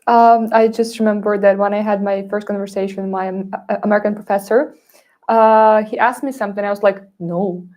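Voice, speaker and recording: A woman's voice: medium pitch, little pitch movement, a little fast, a little mellow. A woman with a Ukrainian accent moderating a panel discussion. She talks chattily, with many fillers.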